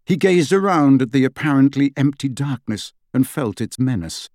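A man narrating an audiobook with dramatic, lively storytelling of an action scene. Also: medium pitch, moderate pace, no room sound, clean studio sound.

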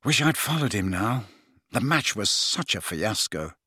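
A man's voice: on the low side, sing-song, measured pace, bright, forceful tone, husky, no room sound, clean studio sound, heavily acted. A man reading an audiobook, voicing a hot-tempered teenage boy who sounds angry and frustrated. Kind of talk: audiobook character voice.

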